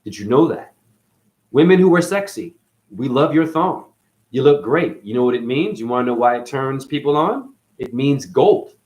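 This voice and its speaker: Guy doing a rambly mystic monologue, voice swoops all over, loud then hushed, keeps saying honey. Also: medium pitch, animated, moderate pace. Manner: jumpy wordplay with sudden loud and soft swings, calls listeners honey. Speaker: channel host.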